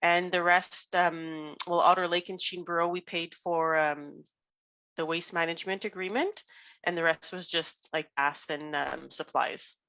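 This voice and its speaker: Bright-voiced woman giving a finance report. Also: fairly low pitch, steady tone, unhurried, no echo. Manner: casual, hesitant with many ums, switches between English and French. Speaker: financial director.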